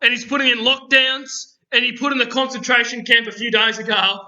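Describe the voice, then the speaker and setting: High bright Australian man blustering. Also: little pitch movement, a little fast, muffled recording. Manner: blustery, says "mate" constantly. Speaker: podcast host. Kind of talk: comedic podcast banter.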